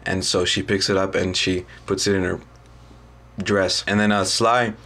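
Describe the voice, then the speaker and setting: A young man, a student, casually retelling a story in a halting way, full of ums and restarts. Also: sits low, flat delivery, pushed and bright. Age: young adult.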